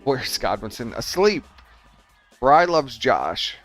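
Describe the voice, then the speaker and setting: A man's voice: medium pitch, very animated, slow pace, a bit bright, soft background music. A man making crude, sardonic remarks in casual chat while a game stream runs. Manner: sardonic, mocking asides.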